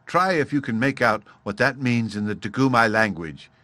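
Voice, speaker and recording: A man's voice: mid-range voice, animated, moderate pace, pushed and bright, no room sound. A man playing a patient caveman dad. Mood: eager. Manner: patient, explaining. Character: thoughtful, playful caveman father.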